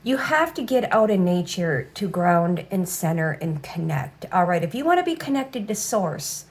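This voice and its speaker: A tarot reader with a lowish, sing-song voice gives a casual reading at normal speed. She's blunt, swears freely, and keeps saying "all right."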